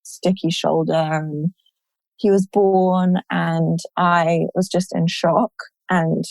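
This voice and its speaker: A woman with a lowish voice tells her own story in a candid, lively way, often stopping on "like" between phrases. The sound is dry and close, with no echo from the room. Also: slow pace, gravelly. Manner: candid, animated retelling, many "like" fillers. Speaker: guest sharing her birth story. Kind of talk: personal storytelling in a conversation.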